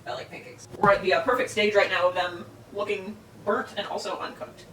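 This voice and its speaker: A man's voice: high-pitched, steady tone, brisk, sharp tone. A young man baking at home and chatting to camera in a rambling, self-mocking way, swearing freely. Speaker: baking vlogger. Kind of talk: casual solo vlog chat while baking. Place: home kitchen. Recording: roomy, distant, noisy home recording.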